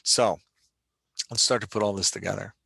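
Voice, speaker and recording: A man's voice: lowish voice, fairly even intonation, normal speed, creaky, bright, forceful tone, husky, dry recording. A man from Louisiana with a leftover Southern accent, hosting a solo podcast that teaches writing, self-deprecating and often checking in with "right?". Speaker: podcast host.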